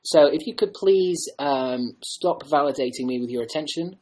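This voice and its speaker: Husky-voiced man rambling on a livestream. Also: a little high, moderate pace, darkish tone, low-quality recording. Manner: joking, rambling, self-mocking. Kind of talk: rambling casual livestream chat.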